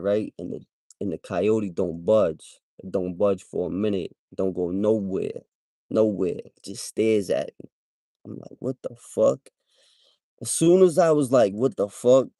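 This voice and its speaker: A man's voice: lowish voice, mellow, no echo, studio quality. A man hosting a livestream, telling a story in a slangy, casual way and tagging "right?" onto his sentences. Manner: slangy, repeats "right?" as a tag. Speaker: livestream host.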